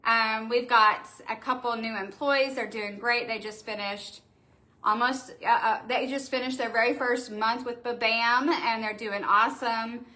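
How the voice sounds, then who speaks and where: Bright, gushing woman on a live stream. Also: a little high, steady tone, a little slow. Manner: gushing, chatty, reads out viewer comments. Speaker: wreath shop owner hosting a live stream. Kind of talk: casual live-stream chat with viewers.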